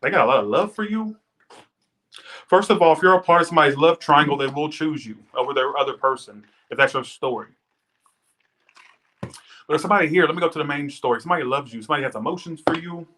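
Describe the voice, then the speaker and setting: A man's voice: fairly high pitch, fast talker, pauses often, a bit bright. A man giving a casual live tarot reading, rambling and chatty, swearing now and then as he thanks viewers and tells stories. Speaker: tarot reader. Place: Las Vegas.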